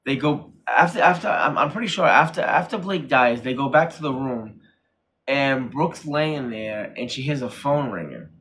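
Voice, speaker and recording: A man's voice: mid-range voice, normal speed, a bit bright. A man co-hosting a casual horror review chat, rambling and repeating himself as he acts out quotes from the show. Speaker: podcast co-host.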